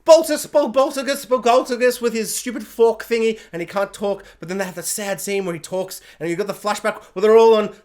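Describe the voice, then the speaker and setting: A man giving an excited, rambling film review, jumping into goofy voices as he talks. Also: sits high, a little fast, hardly any pauses.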